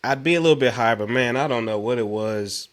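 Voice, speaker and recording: A man in his thirties co-hosting a podcast, hoarse from sinus trouble, chatting casually and telling animated, slangy stories. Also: medium pitch, quick pace. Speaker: podcast co-host. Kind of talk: casual chat.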